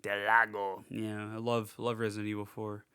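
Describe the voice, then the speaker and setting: Young man, podcast co-host, casual recap, bright crisp voice, filler-heavy and sweary. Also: on the low side, monotone, normal speed. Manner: rambling, swears freely, many fillers. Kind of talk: casual movie recap chat.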